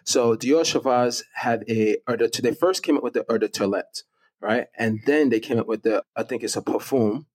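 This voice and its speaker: A middle-aged man with a mid-range, darkish voice and moderate pace appears as a fragrance connoisseur on an interview show. In this casual interview he explains things enthusiastically and laughs often.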